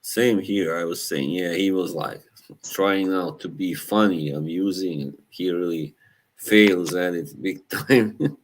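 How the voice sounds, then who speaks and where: A young man with an Eastern European accent, hosting a casual live chat, relaxed and halting, laughing often. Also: sits low. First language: Slavic language. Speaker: livestream host.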